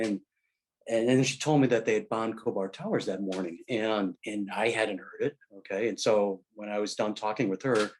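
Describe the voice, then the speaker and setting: A middle-aged man and military veteran in casual conversation, telling stories in a halting way full of fillers and restarts. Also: lowish voice. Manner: rambling anecdotal storyteller.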